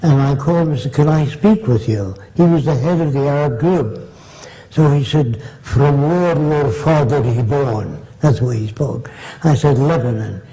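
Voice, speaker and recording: A man's voice: mid-range voice, moderate pace, mellow, rough recording. An older man answering audience questions with long, blunt, rambling anecdotes, acting out the people he quotes. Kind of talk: anecdotal storytelling in a Q&A.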